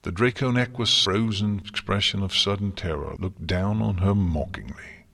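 A man reading a dramatic story aloud in a slow, measured way, with a long reverb around him. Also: sits low, fairly bright tone. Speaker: narrator.

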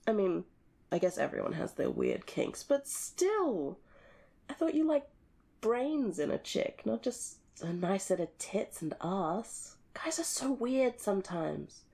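A woman speaking to the listener as his girlfriend in an audio role-play. She talks in an unhurried, expressive way, swinging between loud and hushed. Her voice has a gravelly vocal fry and a husky edge. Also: medium pitch. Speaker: girlfriend character addressing the listener.

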